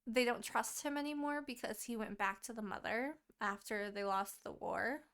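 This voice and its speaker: A woman co-hosting a podcast, retelling a book's plot in casual chat, animated and full of swearing. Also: fairly high pitch, normal speed. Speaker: podcast co-host.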